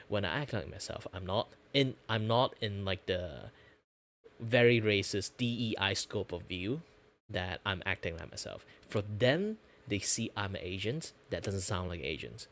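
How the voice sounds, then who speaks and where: A man chatting casually on his stream in his relaxed, lower natural register, rambling with lots of fillers. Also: moderate pace. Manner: rambling, filler-heavy, frequent laughs. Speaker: VTuber streamer and artist.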